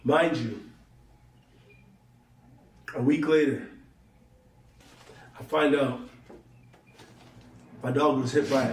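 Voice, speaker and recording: A man's voice: mid-range voice, slow, pauses often, echoey room, distant mic, a little hiss or hum. A young man telling a long story to his viewers in loose slang, acting out both sides of each conversation. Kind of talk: casual storytelling to camera.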